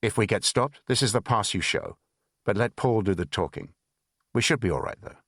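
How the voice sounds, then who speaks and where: A man voicing a gruff male Russian secret police agent with a Russian accent, blunt and threatening. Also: lowish voice, expressive, normal speed, fairly bright tone, dry recording, clean studio sound. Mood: menacing.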